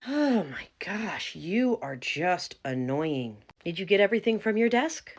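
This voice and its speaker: A woman's voice: low voice, lively intonation, a little fast. A woman voicing a rude, spoiled young woman who manages events, snippy and dismissive. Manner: snippy, dismissive, eye-rolling.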